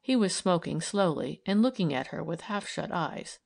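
A woman narrating a novel as an audiobook, in a calm storytelling manner. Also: deep voice, normal speed, vocal fry, few pauses, breathy edge.

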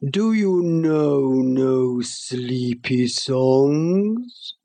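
A huge, lazy storybook sloth drags out every word in a deep, drowsy drawl, as a woman reader puts him on. His voice is sleepy and slobbery, much lower than her own, and he talks as if he can barely stay awake. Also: animated, creaky, mellow, exaggerated voice. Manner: very slow, drowsy, demanding. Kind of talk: storybook reading.

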